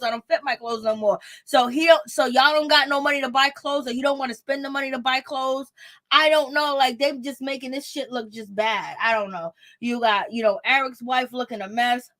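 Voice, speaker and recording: High-voiced woman dishing casual gossip. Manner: animated, laughing, blunt and profane. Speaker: commentator on a reality show. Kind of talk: casual reaction commentary.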